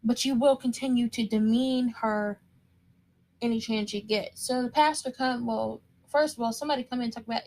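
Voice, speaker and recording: A woman's voice: a little high, steady tone, moderate pace, darkish tone. A woman giving a casual, opinionated recap of a TV episode, chatty and emphatic, repeating words for stress. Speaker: TV show recap commentator.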